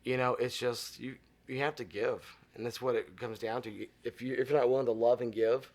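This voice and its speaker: A man's voice: medium pitch, brisk. A middle-aged man from Arizona, a guest in an interview, telling stories in casual chat and acting out the voices in them. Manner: animated storyteller acting out dialogue.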